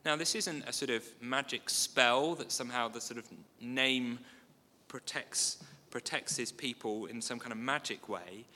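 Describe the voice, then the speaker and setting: A man preaches with a bright, forceful tone and an easy, conversational manner. He drops in small asides and light humour between readings. His voice rings with a long reverb, as if in a large hall. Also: medium pitch, unhurried. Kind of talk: sermon.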